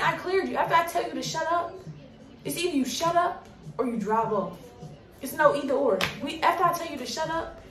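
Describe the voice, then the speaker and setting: Blunt, fired-up woman in an echoey room. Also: on the high side. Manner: blunt, animated, profane. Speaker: coffee shop worker. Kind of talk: casual storytime. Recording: roomy, distant from mic, faint noise.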